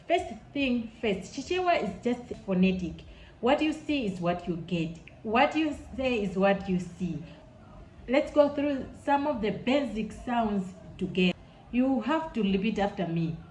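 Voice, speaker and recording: A woman from Malawi with a Malawian accent, teaching a language lesson in an enthusiastic way and repeating words slowly for learners. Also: mid-range voice, a little mellow. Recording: echoey room with faint noise.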